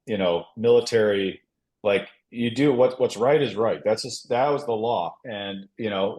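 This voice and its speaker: A priest from Minnesota speaking frankly and earnestly as a guest on a podcast. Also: male voice, fairly low pitch, fairly quick, darkish tone. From Minnesota, United States. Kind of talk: casual podcast interview.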